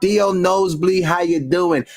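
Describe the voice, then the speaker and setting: A man's voice: high voice, fairly even intonation, a little slow, faint music behind. A man hosting a casual sports talk show, laid-back and swearing now and then, speaking into a headset. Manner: laid-back, swears, greets chat viewers. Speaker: host. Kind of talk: casual chat. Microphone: headset with soundboard.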